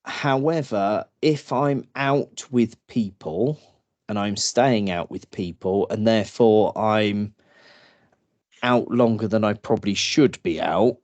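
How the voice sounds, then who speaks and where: A man co-hosting a relaxed podcast chat. His voice sits a little low and unhurried, and he laughs through his own stories. The sound is close and dry. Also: no echo. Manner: slow, laughing storytelling with acted drunk voices. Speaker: podcast co-host. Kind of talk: casual chat.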